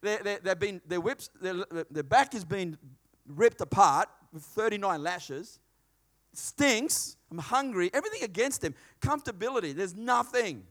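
A man's voice: high voice, moderate pace. A middle-aged man preaching a sermon, telling stories with acted-out dialogue. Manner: animated storytelling, acts out dialogue in a hushed voice.

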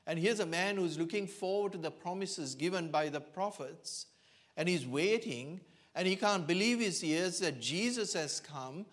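A man preaching a sermon in church, telling a Bible story slowly and earnestly, with frequent pauses and fillers. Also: high voice, fairly bright tone.

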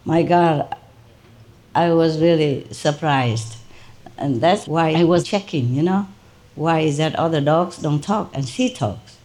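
Speaking slowly in a low voice, a female spiritual teacher shares a story with her disciples. She's animated and informal, and laughs frequently.

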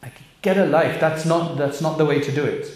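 A man's voice: on the high side, a little fast, darkish tone. A man giving an earnest religious talk to young people, direct and full of rhetorical questions. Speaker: Islamic speaker addressing youth and parents. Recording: echoey room.

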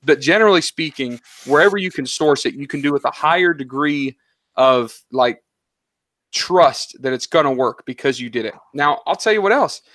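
A man talking casually as an interview guest, animated and slangy, telling stories about his business. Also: on the high side, moderate pace, no echo, studio quality. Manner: animated, story-driven, slangy. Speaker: guest, online seller.

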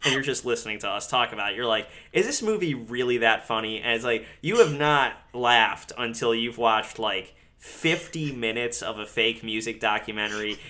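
A podcast co-host in casual chat, animated and laughing, swearing freely while recapping a comedy. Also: medium pitch, moderate pace, hardly any pauses.

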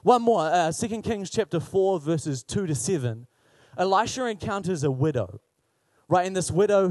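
A man gives a light, joking sermon to a congregation. His voice sits fairly high for a man. The sound is dry and close, with little room echo. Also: darkish tone. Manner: conversational, humorous preaching. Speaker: preacher.

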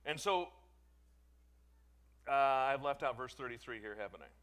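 Bright-voiced man teaching a bible study. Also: mid-range voice, lively intonation, moderate pace. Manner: reads scripture aloud then breaks off to explain it; self-correcting, informal asides.

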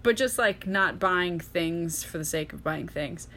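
A woman's voice: on the low side, measured pace, a bit bright, slight background noise. A woman in a casual podcast chat, rambling through what she has been reading and watching, with laughter and dry sarcastic asides. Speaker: podcast co-host.

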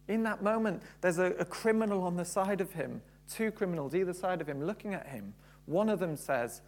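A man's voice: on the high side, brisk, a little mellow, a little hiss or hum. A man preaching a sermon, building to fervent emphasis and repeating key phrases.

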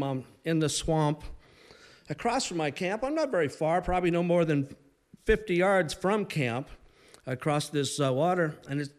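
A man in his sixties telling a humorous story live to an audience, conversational with pauses and restarts. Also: a little high.

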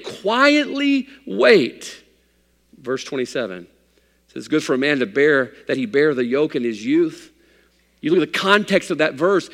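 A man preaches a sermon in a fairly high voice. He rises to loud, emphatic lines and then sinks into hushed, near-whispered passages. His voice carries a long reverb from the church sanctuary. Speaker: pastor.

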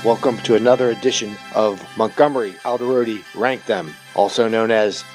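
Brief: man doing a throaty, self-important announcer, low and grand over a loud music bed. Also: fairly quick, lightly acted. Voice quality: throaty, pompous.

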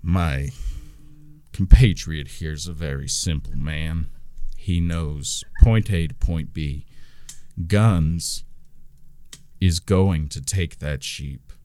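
A man voicing a small male gnome henchman with an oddly deep, slick and quietly menacing voice. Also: takes it slowly, clear, resonant tone, no room sound.

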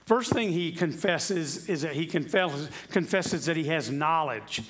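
Pastor, male, voice on the higher side, delivers a relaxed, chatty sermon full of rhetorical questions. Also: unhurried, husky. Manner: chatty, asks rhetorical questions, repeats himself. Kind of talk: conversational sermon. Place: church sanctuary.

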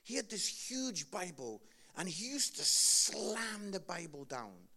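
A man's voice: high-pitched, takes it slowly, vocal fry. A man with an Edinburgh Scottish accent, a guest preacher giving a comedic sermon and teasing the crowd. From Scotland. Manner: jokey, animated, teasing the crowd.

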